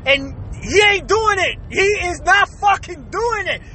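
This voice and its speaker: A man's voice: very high-pitched, lively intonation, a little slow, bright, forceful tone, some chatter behind, slight background noise. A man in his thirties hosting a casual podcast, ranting bluntly with lots of swearing and frequent laughter. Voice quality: profane, laughs often, blunt. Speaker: podcast host.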